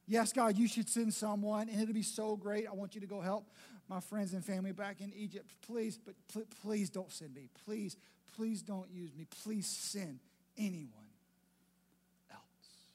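A man voicing a frightened Moses, pleading in a breathy, near-whispered voice. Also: sits high, fairly even intonation, measured pace, a little mellow. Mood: begging.

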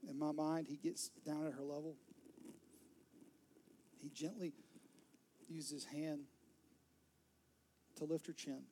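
A man preaching a sermon, telling the story dramatically, sometimes dropping to a soft whisper and sometimes rising to an emphatic peak. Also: on the high side, flat delivery, slow pace, pauses often, slight background noise. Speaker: pastor.

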